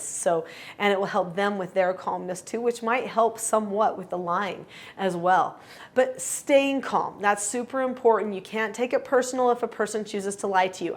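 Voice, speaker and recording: A middle-aged woman giving calm, earnest parenting advice straight to camera, now and then acting out what a parent and child might say. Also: mid-range voice. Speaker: parenting coach. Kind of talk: instructional talk to camera.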